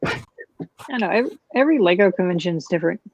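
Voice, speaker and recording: A woman's voice: on the low side, animated, fast, slightly rough, dry recording, poor audio. Easygoing woman co-hosting a build stream. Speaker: co-host. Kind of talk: casual chat while building.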